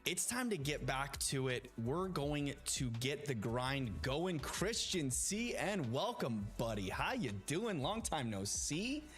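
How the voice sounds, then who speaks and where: A man's voice: a little high, very animated, slow, hardly any pauses, a bit bright. A man chatting casually to viewers during a live stream, upbeat and greeting people by name. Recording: faint music behind.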